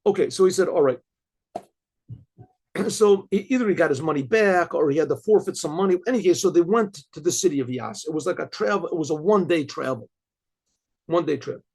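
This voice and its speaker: A man's voice: on the high side, lively intonation, a little fast, darkish tone, husky. A man, a rabbi, telling a story in a loose spoken way, often stumbling and repeating words as he searches for them. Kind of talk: casual oral storytelling.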